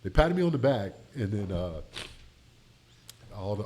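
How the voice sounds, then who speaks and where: Podcast guest, middle-aged man from Tampa Bay, lowish voice, animated storyteller, slight hiss behind. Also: normal speed, pauses often. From Tampa Bay, Florida. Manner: animated, addresses listeners as y'all. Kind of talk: emotional storytelling in casual podcast chat.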